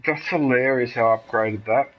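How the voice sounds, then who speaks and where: An Australian man hosting casual gameplay commentary, chatty and excitable, laughing at his own jokes. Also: medium pitch, normal speed, slight background noise, rough recording. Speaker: gaming channel host.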